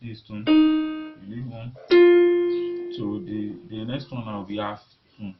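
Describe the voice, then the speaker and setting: A man teaching a beginner piano lesson, talking in a halting way and repeating words as he demonstrates at the keyboard. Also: on the low side, fairly even intonation. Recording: lo-fi recording with loud piano. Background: piano notes being played.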